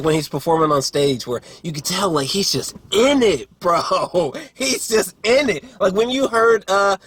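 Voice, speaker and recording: A young man giving a casual movie review, rambling and profane, with lots of filler words and throat clearing. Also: high voice, fairly bright tone. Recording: faint background noise.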